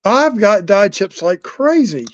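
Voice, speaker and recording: A woman's voice: medium pitch, sing-song, slow pace, no room sound. A woman co-hosting a casual coin-collecting stream, chatting and rambling on as she searches for something. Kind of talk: casual live-stream chat. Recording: dull lo-fi sound.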